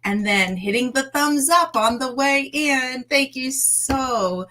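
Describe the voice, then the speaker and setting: A woman hosting a casual livestream chat, greeting viewers warmly with lots of fillers. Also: high-pitched, expressive, takes it slowly. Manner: bubbly, effusive greetings, many fillers. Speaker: livestream host. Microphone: streaming mic.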